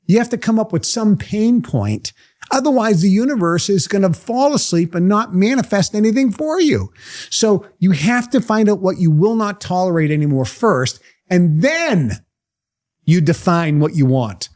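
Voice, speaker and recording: A motivational speaker, a man with a fairly high voice that swings widely in pitch. He talks emphatically, pressing his listeners with question after question. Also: animated, normal speed, a little mellow. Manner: emphatic, fires rhetorical questions. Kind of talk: motivational talk to a live group.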